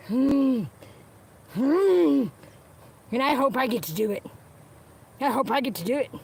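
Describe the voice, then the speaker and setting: Her high voice is expressive, a little slow, gravelly, somewhat mellow, and breathy at the edges, with frequent pauses. Livestreaming from her car, this woman chats with viewers in an unscripted, angry rant, swearing at the people she talks about and repeating phrases. Dogs are nearby, with faint background noise.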